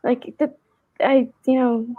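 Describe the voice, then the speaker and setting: A woman with a fairly high voice tells a story in a loose, rambling way, full of fillers. She talks over a video call, and her audio comes through dull and lo-fi. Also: fairly even intonation, slow pace. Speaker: guest co-host. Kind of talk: casual storytelling on a live stream.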